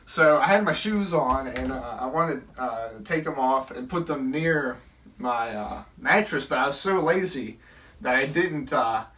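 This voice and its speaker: Young man, bright voice, casual storytelling, rambling, a bit distant from the mic. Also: mid-range voice, animated, a little slow. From Southern Virginia. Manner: rambling, many fillers and restarts.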